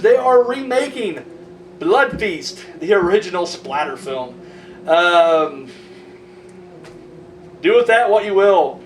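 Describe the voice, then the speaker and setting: Profane ranting man, high voice. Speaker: horror news vlogger. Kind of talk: casual ranting commentary. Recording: roomy, distant mic, faint noise.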